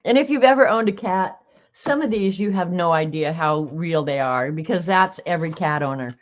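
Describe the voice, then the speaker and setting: A woman's voice: lowish voice, animated, moderate pace, lo-fi sound. A woman hosting a live stream in casual chat, talking freely and laughing often. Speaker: livestream host.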